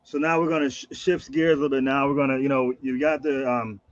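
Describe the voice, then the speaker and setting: A man hosting an interview, asking halting questions full of restarts. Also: medium pitch, steady tone, dry recording. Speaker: interviewer, host. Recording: dry, slightly dull sound.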